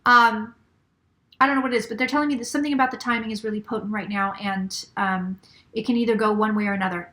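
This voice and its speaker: Woman, middle-aged, psychic reading, bright tone, repetitive relayed messages, occasional whispers. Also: medium pitch. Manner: relays messages in quotes, repeats phrases, drops to whispers. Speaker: psychic reader. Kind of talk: channeled psychic reading to viewers.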